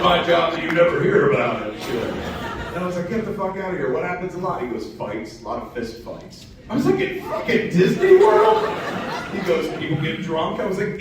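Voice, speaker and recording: A man with a slightly high, lively voice tells profane, rambling stories on a convention stage. He sounds far from the mic in a big echoing hall. The recording is buried in loud noise. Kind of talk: live stage storytelling. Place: large convention hall with an audience.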